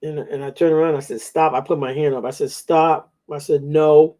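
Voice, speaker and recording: A man's voice: mid-range voice, fairly even intonation, quick pace, warm tone. A man telling rambling stories in a casual chat, with coarse slang.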